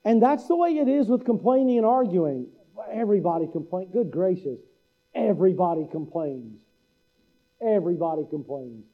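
A man's voice: high voice, very animated, normal speed, phone-quality sound. A middle-aged man preaching a sermon to his congregation in a folksy way, imitating the local speech of his listeners. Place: church hall.

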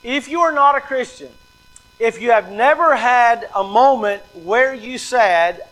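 A man's voice: high-pitched, expressive, unhurried, a bit bright, rough recording. A man preaching a sermon as pastor, emphatic and repetitive, acting out the excuses people make. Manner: emphatic, repeats key lines, acts out quoted excuses.

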